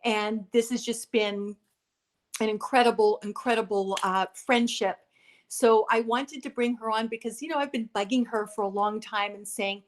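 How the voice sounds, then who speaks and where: A woman hosting a casual interview chat. Her voice sits fairly high, and she talks in a chatty, playful way. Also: steady tone, moderate pace. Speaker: host.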